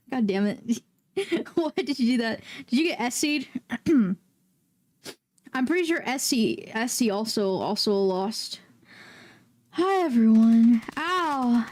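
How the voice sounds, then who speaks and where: A woman streaming a game, chatting casually with viewers and breaking into loud, excitable, swearing outbursts. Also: high voice. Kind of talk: casual livestream chat.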